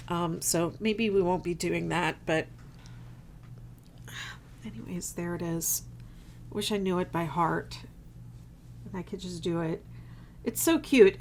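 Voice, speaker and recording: A woman hosting a casual live-stream craft chat from home, rambling and chatty with lots of fillers. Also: on the low side. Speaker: crochet designer and channel host.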